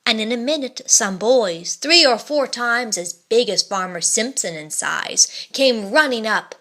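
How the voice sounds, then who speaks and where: A woman reading a children's storybook aloud in an expressive, dramatic way. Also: a little high, a little slow.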